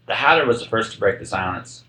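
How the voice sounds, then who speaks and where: A man narrating a children's classic aloud as a podcast reading, with expressive storytelling. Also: on the low side, fast talker, reverberant, slight background noise, poor audio. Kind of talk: audiobook narration.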